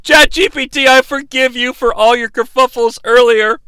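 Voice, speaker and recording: A man's voice: very high voice, fairly even intonation, moderate pace, pushed and bright, clean tone, dry recording. A man hosting a comedy show, reading out AI-written prompts.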